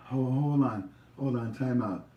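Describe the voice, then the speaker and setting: A man's voice: medium pitch, slow pace, lo-fi sound. A man hosting a livestream, talking in a rambling, jokey way. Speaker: livestream host. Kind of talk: rambling casual commentary. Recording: echoey room, far from mic.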